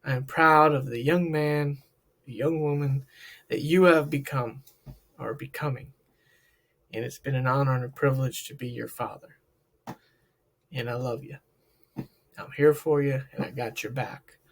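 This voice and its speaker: A man voicing a loving father who quietly and gently tells his child he is proud of them. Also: medium pitch, steady tone, unhurried, long pauses. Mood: tender.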